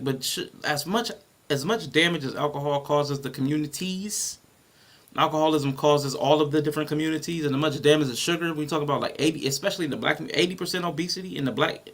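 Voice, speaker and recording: A man's voice: a little high, a bit bright. A man hosting a casual podcast discussion, rambling and thinking aloud with frequent restarts. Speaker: podcast host.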